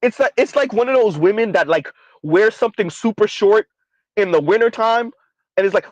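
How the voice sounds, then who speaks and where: A man with a high-sitting voice speaks at a moderate pace, recorded with no room sound but poor audio quality. In his commentary vlog he rants sardonically and in exasperation, hammering points home by repeating them.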